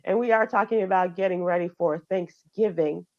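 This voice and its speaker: Hosting a radio show, a low-voiced woman chats through the news at a fairly quick clip. Fillers and restarts pepper her casual delivery, and the sound comes across slightly muffled.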